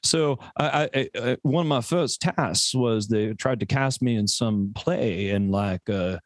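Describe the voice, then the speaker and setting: A man's voice: mid-range voice, a little slow, no room sound. An American man co-hosting a podcast, talking in a rambling, profane way full of stammered repeats. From USA. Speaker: podcast co-host. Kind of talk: casual chat.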